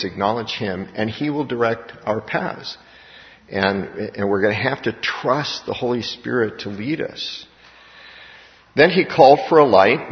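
A male pastor preaching a sermon in an animated way, acting out the voices he quotes. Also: fairly low pitch. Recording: dull reverberant hall recording.

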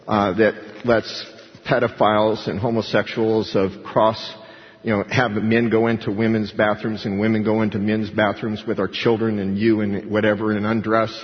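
A male pastor giving an animated sermon and acting out the voices of the people he quotes. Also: fairly low pitch, moderate pace. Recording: dull lo-fi recording with hall reverb.

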